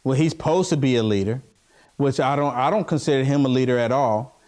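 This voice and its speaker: A man co-hosting a political talk show in casual discussion, animated and preachy as he calls out to listeners. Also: medium pitch, a little fast.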